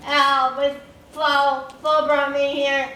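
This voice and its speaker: A woman's voice: high voice, level tone, slow pace, sharp tone. A woman from the audience speaking hesitantly and paying a compliment. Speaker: audience member. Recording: far-off roomy hall with noise.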